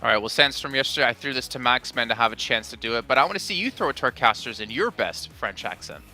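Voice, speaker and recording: A man's voice: medium pitch, animated, quick pace, bright, forceful tone, soft background music. A man hosting an esports analyst desk, chatty and teasing as he passes questions to the panel.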